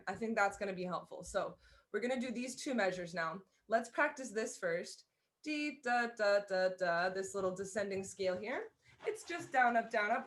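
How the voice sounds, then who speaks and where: A woman's voice: medium pitch, fairly bright tone. Woman, fiddle teacher, live online lesson, encouraging, step-by-step explanations, fiddle playing behind. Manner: encouraging, explains step by step, sings out bowing rhythms. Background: violin playing.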